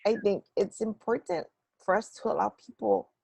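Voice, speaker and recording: A woman's voice: mid-range voice, normal speed, gravelly, a little mellow, breathy edge, dry recording, poor audio. A woman hosting a podcast interview, speaking earnestly and reflectively in a conversational way. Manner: earnest, reflective, with some restarts. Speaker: podcast host.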